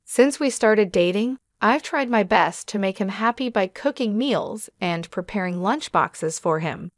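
A woman's voice: mid-range voice, lively intonation, a little slow, no echo. Woman narrating a story, dry sound. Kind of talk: scripted first-person narration.

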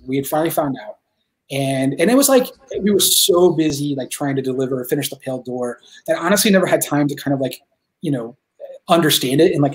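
A man talking as a guest filmmaker in a casual interview, excited and rambling, swearing freely as he tells stories. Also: a little high.

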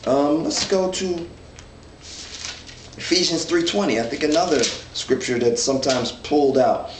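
A man leads an informal Bible study, reading verses and working through them earnestly with frequent restarts. His voice sits a little high for a man. He is recorded from some distance in an echoey room with a faint hum of ambience. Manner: earnest, thinks aloud with restarts, reads scripture.

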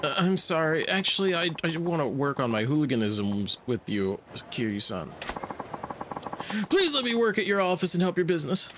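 A man's voice: a little high, sing-song, normal speed, background noise. A man voicing an eager young male wannabe hooligan who fumbles between politeness and slang, reading game dialogue aloud. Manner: nervous, overly polite slang. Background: game music.

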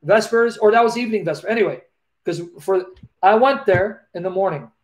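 Man, high-pitched, earnest, emotional, repeats himself, live video-call Q&A host. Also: fairly quick.

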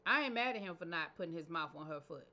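A woman's voice: fairly low pitch, lively intonation, fast talker, bright, forceful tone, highs cut off. A woman hosting her own channel, recapping a reality show episode in a casual, opinionated way with slangy asides. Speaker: TV show reviewer, channel host.

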